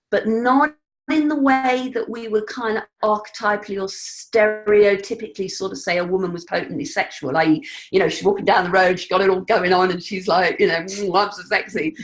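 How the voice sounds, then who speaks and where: A woman speaking as an interview guest, earnest and reflective, at times animated and laughing. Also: medium pitch. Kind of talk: conversational interview.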